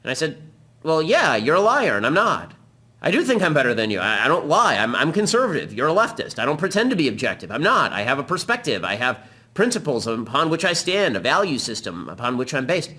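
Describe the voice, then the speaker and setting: A man hosting a political talk show, delivering a combative, rapid-fire commentary monologue. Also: on the high side, big pitch swings, bright, forceful tone, husky.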